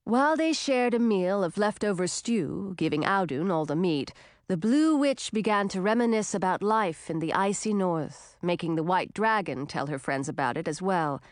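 A woman narrating a storybook in an expressive, animated reading style. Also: on the low side, normal speed, no room sound, studio quality.

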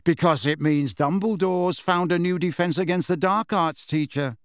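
A man's voice: sits high, moderate pace, clean tone, dry recording, voice pushed up, natural voice. A man reading an audiobook, voicing a wry teenage twin boy who jokes in a dry manner.

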